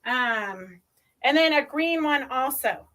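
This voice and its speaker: A woman's voice: high-pitched, lively intonation, slow pace, fairly bright tone. A woman hosting a live sewing stream, chatting casually and rambling with lots of ums as she shows fabric. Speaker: host of a live sewing show.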